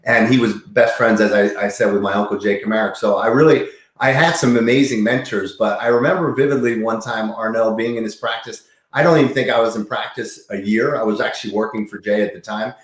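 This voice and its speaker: A man's voice: on the low side, fairly even intonation, a little fast, echoey room. A man in his fifties, a chiropractor, talking earnestly and enthusiastically as an interview guest, often restarting his sentences. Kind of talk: casual interview talk.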